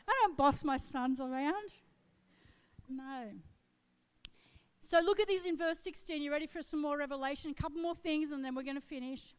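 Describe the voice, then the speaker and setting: A woman's voice: high-pitched, normal speed, long pauses. A middle-aged woman pastor preaching a sermon with impassioned, swelling declarations. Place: church auditorium. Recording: long hall reverb.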